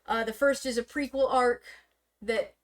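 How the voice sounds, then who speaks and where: Chatty woman, stream guest, slightly high pitch, filler-heavy run-on delivery with sudden speed-ups. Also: steady tone. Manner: rambling, filler-heavy, bursts of rapid talk. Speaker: stream guest presenting slides. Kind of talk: casual explaining to a streamer. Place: streaming setup indoors.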